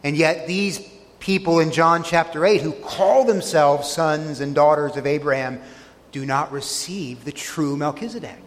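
A man's voice: a little high, unhurried, big-room sound. A man preaching a sermon, earnestly retelling scripture scenes and pressing each point with emphasis. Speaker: pastor.

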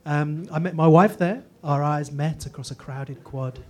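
A man's voice: a little high, measured pace. A man in his forties with a posh English accent, telling his personal faith story with self-deprecating jokes. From Northeast England. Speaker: guest speaker. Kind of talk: humorous personal testimony.

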